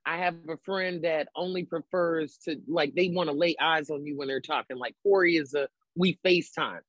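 A man with a high voice and a dry, close sound, chatting in a group with a playful, animated manner. He is from Baltimore and often leaps higher to act out his own reactions. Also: normal speed, dry recording, rough recording. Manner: playful, animated, goes high for put-on lines. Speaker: panelist. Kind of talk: casual chat.

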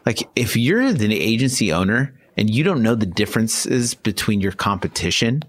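A man co-hosts a casual podcast chat, handing out emphatic advice and saying "dude" a lot. His voice is lowish and very animated, at a moderate pace.

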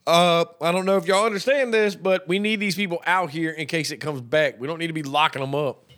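A man's voice: a little high, fairly quick, a bit bright. A young man co-hosting a podcast, joking and swearing in slangy casual chat. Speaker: podcast co-host.

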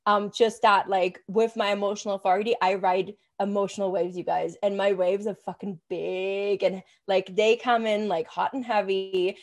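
A young adult woman co-hosting a casual podcast as a business coach, energetic and swearing freely, with lots of "like" fillers. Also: medium pitch, normal speed, few pauses.

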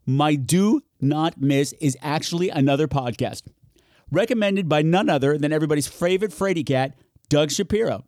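A man hosting a solo podcast, chatting in an animated, campy way, swearing freely and talking to himself. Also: on the high side, no echo, clean studio sound. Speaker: podcast host. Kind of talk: solo podcast chat, horror recommendations.

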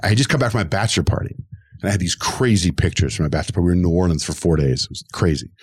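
A man's voice: sits low, racing, husky, no room sound, clean studio sound. A middle-aged man, a radio host, telling his career story in an interview and acting out the voices of the people in it. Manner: animated, acts out quoted voices.

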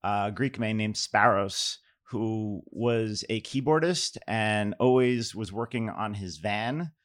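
A middle-aged man from New York tells a rambling, self-deprecating story before reading his poems. He speaks at an average pitch, loose and unhurried, with plenty of "um"s and restarts. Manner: relaxed, self-deprecating, many fillers and restarts. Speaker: poet giving a reading. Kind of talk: casual anecdote and poetry reading.

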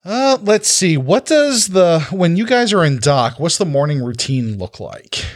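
A man's voice: on the high side, sing-song, a little slow. A man running a tabletop game as game master, narrating casually and loosely with fillers. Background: loud background music.

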